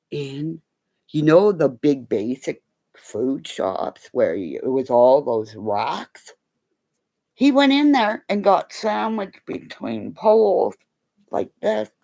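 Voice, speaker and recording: A woman's voice: medium pitch, creaky. A middle-aged woman telling rambling, profane stories in casual chat, acting out the voices of the people in them. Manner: profane, animated, acts out quoted voices. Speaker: live streamer.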